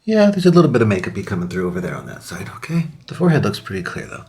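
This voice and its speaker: A man's voice: on the low side, huge pitch swings, rapid-fire, a little mellow. A young man chatting casually as he tries out makeup on camera, upbeat and talkative, sometimes dropping to a whisper while he applies it. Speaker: beauty vlogger. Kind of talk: casual makeup tutorial chat.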